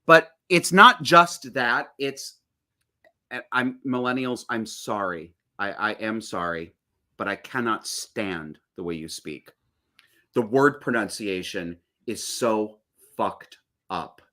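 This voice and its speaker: A man's voice: fairly low pitch, slow, pushed and bright. A middle-aged man in casual chat as a podcast guest, blunt and profane as he rants about how people talk.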